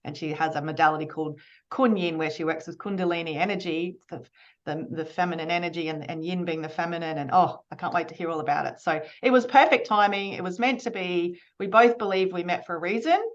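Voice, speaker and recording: A woman's voice: fairly low pitch, fast, muffled recording. Chatty woman hosting a podcast. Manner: open, chatty storytelling. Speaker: podcast host. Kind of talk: casual podcast intro.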